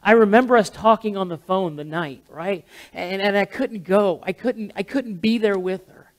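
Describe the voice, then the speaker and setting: A talkative male pastor delivers a heartfelt memorial sermon from the pulpit of a church. His voice sits fairly high, and he speaks through an amplified microphone. He is wordy and loud by his own account, often stumbling and restarting his sentences. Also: moderate pace. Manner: talkative, self-described loud, frequent restarts. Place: church sanctuary. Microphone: amplified handheld or stand mic with monitor.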